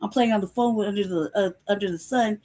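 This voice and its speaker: Speaking fast at a medium pitch, this woman hosts a laid-back live chat. Her storytelling is animated and profane, broken up by frequent laughter.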